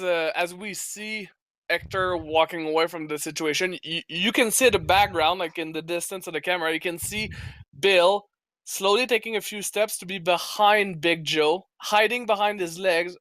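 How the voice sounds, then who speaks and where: A man at a tabletop game describes his turn with a lot of hesitation and fillers. His voice is high and bright, and the recording is dry. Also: steady tone, moderate pace, no echo. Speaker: player. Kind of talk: tabletop role-play chat.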